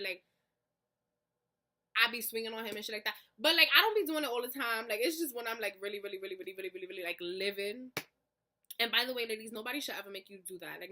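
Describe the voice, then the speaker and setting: A young woman tells a heated story to her camera in a bright, sharp voice. She swears freely and fills her talk with "like." She acts out both sides of each quoted argument as she goes. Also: a little high. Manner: animated, profane storytelling with lots of "like". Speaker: vlogger. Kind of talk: storytime vlog.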